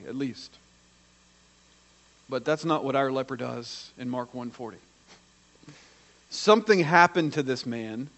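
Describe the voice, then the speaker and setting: A man preaching a sermon, acting out quoted voices and swinging from hushed to loud. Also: a little high. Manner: dramatic, acts out the quoted voices.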